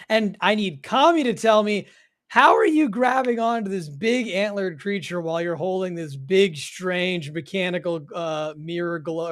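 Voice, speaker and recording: A man as game master, narrating a tabletop game slowly, with many pauses and fillers. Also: sits high.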